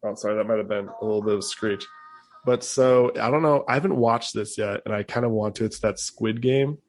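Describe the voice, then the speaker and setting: A man's voice: lowish voice, fairly quick, darkish tone. Laid-back, swearing young male podcast host. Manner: loose, profane, laughs often. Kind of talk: casual chat.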